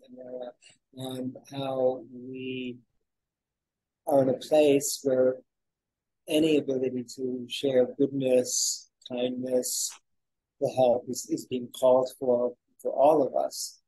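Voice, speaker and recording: Male co-host, mellow husky tone, earnest and reflective in spiritual talk. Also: medium pitch, level tone, slow, poor audio. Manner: reflective and earnest, gives aphorisms. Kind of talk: spiritual conversation.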